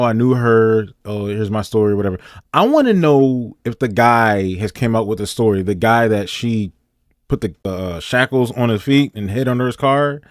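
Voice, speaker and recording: A man's voice: medium pitch, no echo, studio quality. A man hosting a reaction video, chatting casually and animatedly, sometimes acting out voices to explain.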